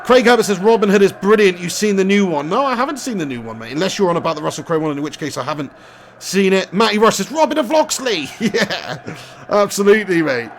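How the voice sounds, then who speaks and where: A young man talks casually through a live game stream. His voice sits fairly high, and he laughs often as he chats and reads out viewer messages. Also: expressive, fast talker, slight background noise. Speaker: gaming streamer.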